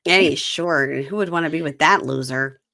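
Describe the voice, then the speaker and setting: A woman's voice: sits low, brisk, gravelly, pushed and bright, no echo. A woman co-hosting a podcast in casual chat, dropping dry sarcastic asides. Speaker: podcast co-host.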